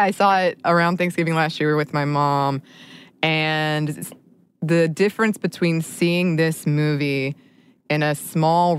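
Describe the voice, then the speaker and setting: A woman's voice: low voice, clean tone. A woman co-hosting a podcast in casual chat, chatty and often laughing as she talks. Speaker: podcast co-host.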